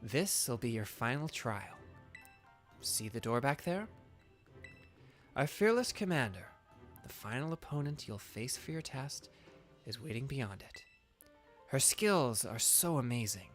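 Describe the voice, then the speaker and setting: A man voicing a cool, teasing woman league judge in a lower, soft put-on voice with a put-on accent. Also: sing-song, a little slow, long pauses, faint music behind.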